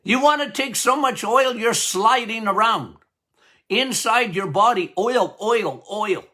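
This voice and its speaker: Man, podcast doctor, high voice, slow deliberate delivery, emphatic, repeats key words, jokey. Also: pushed and bright. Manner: emphatic and repetitive, drumming points home; jokey, laughs at his own lines. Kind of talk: health podcast talk.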